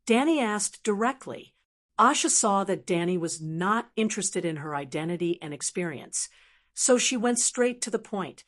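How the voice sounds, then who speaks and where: A woman narrating a fantasy audiobook in an even, steady storytelling manner. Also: mid-range voice, moderate pace.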